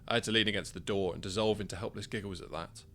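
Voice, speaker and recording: A man's voice: lowish voice, steady tone, fast, pushed and bright, slight background noise. A man narrating his own first-person short story in a wry, conversational way.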